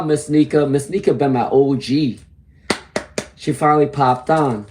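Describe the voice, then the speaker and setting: Man, hoarse, warm low tone, tarot reader, chatty live stream, greets viewers. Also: fairly even intonation, slow, pauses often, a little hiss or hum. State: hoarse from laryngitis.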